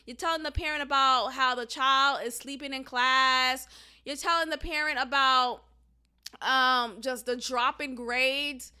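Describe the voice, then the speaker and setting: High-pitched woman ranting on her podcast, blunt and chatty, lots of likes. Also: steady tone, unhurried, bright, forceful tone, smooth. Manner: candid and outspoken, frequent "like" fillers. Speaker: podcast host; teacher. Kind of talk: casual opinion monologue.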